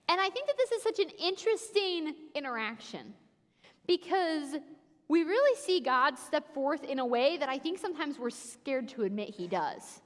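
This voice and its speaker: Woman preacher telling a bible story, animated, acts out the voices, high voice, reverby hall. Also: normal speed. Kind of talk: sermon. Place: church sanctuary.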